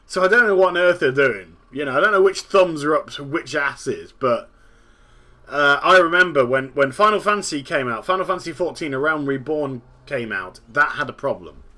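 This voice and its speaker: A man's voice: fairly high pitch, animated, normal speed, pushed and bright. A man in his thirties hosting a gaming show, ranting casually, exasperated and sweary, repeating himself and laughing at his own jokes. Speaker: gaming podcast host.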